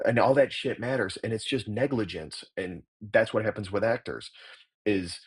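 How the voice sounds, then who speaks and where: Middle-aged male actor-coach, deep husky voice, blunt and salty, explaining his craft. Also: normal speed. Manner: blunt, profane, emphatic. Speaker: actor and acting coach, guest. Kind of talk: casual interview talk.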